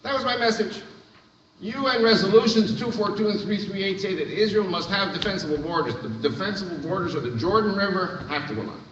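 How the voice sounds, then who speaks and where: A man's voice: sits high, brisk, fairly bright tone. Emphatic man speaking in an echoey hall. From United States. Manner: emphatic storytelling, repeats words when restarting. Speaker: guest speaker. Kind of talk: church talk to an audience. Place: large hall with live audience. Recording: echoey far-off hall recording, dull sound, faint noise.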